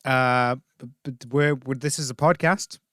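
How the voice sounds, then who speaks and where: A man's voice: medium pitch, fairly even intonation, unhurried, fairly bright tone. A man co-hosting a podcast with a dry, wry way of talking. He is close to the mic in a dead, dry room with no echo at all. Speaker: podcast co-host. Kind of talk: casual podcast chat.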